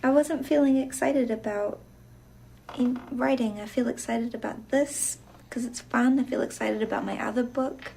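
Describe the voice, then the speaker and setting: A fond teasing writer lady in a loose improvised film scene, high and a bit of fry. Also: fairly even intonation, moderate pace, mellow, a little hiss or hum. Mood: affectionate. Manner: teasing, gushing, laughs often. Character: adult woman, an aspiring writer, teasing and affectionate. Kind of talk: naturalistic improvised film dialogue.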